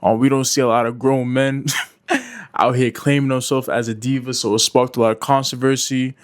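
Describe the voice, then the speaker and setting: A man's voice: medium pitch, lively intonation, moderate pace. A man hosting a casual commentary vlog, talking loosely with lots of fillers. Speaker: commentary channel host.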